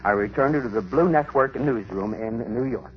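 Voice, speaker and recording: A man reporting as a radio news correspondent, with a measured, formal delivery. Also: medium pitch. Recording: dull, lo-fi 1940s radio broadcast with faint hiss.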